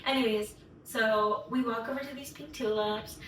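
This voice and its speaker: A woman's voice: a little high, steady tone, normal speed, fairly bright tone. A young woman vlogger telling a story to camera in a gushing, chatty way, full of "like". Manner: gushing, chatty, heavy use of "like". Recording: echoey room, mic at a distance, background noise.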